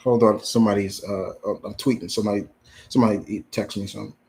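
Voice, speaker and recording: A man's voice: lowish voice, steady tone, fast talker, a little mellow. A young man hosting a live Q&A, reading out viewer questions and answering them in a casual, blunt way. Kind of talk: live Q&A chat.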